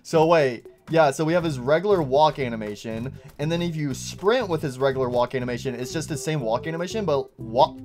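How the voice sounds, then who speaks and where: Excitable young man doing game commentary. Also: a little high, a little fast, hardly any pauses, soft background music. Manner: excitable, says "bro" often. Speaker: gaming YouTuber. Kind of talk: casual gameplay commentary.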